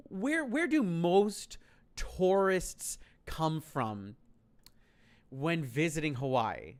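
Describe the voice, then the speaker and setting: Male streamer telling a story in an exasperated, profane way; wide pitch swings, slow delivery. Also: sing-song.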